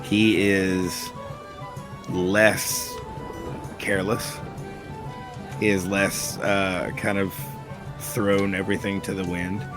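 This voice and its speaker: A man hosting a casual podcast chat about a cartoon, rambling and excitable, swearing casually. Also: low-pitched, slow, pauses often, over music. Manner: rambling, excitable, swears casually, quotes scenes in put-on voices. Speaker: podcast host.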